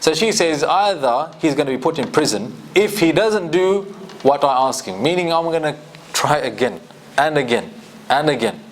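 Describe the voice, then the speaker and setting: A man gives a classroom lecture on scripture, his fairly high voice moving a lot as he explains each point and puts questions to the students. A faint hiss sits under the recording. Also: animated, normal speed. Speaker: Quran teacher.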